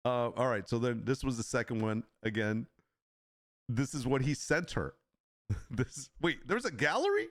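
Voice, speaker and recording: A man's voice: mid-range voice, a bit bright, dry recording, clean studio sound. A man hosting a casual livestream, laughing often and reacting in disbelief as he reads. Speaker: livestream host.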